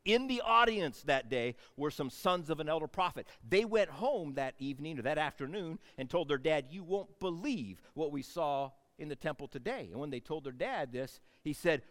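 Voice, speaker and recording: A man's voice: fairly high pitch, lively intonation, moderate pace, few pauses, fairly bright tone, long reverb tail. A man preaching a sermon, retelling a scripture story in a conversational, folksy way with playful asides.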